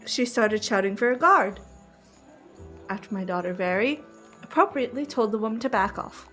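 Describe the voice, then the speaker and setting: A woman's voice: medium pitch, lively intonation, normal speed, a bit bright, faint music behind. A woman playing a tabletop game, speaking in character as a mother with a prim, indignant tone. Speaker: player.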